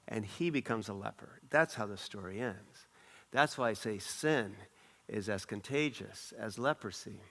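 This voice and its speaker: A male pastor preaching a sermon in a church, with strong swings in pitch and volume and phrases repeated for emphasis. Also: measured pace, a bit bright.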